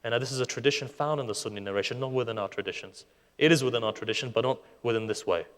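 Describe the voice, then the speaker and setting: A man preaching a sermon, retelling stories with passion, his voice surging loud and then dropping soft. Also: mid-range voice, rapid-fire. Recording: long hall reverb.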